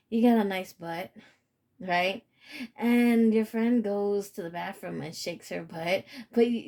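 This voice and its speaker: Woman, casual spiritual reader. Slow, mellow delivery, profane and emphatic, leans on "okay?". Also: medium pitch.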